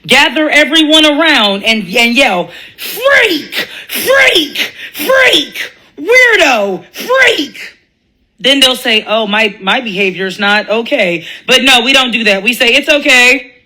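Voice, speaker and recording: Woman, bright tone, ranting commentary, profane, mocking impressions. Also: a little high, normal speed, rough recording. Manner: blunt, profane, laughing often, mocking voices. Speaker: commentary vlogger.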